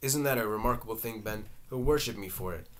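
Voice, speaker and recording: A man's voice: fairly low pitch, quick pace, natural voice. A man reading the part of a proud, agitated aging salesman father, crying out at times. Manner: excited, raised cries.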